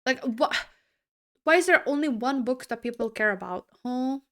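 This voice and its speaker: A woman's voice: high-pitched, lively intonation, moderate pace. A woman streamer chatting casually with her viewers while playing a game, rambling and giggling through asides. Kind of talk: casual live-stream gameplay chat.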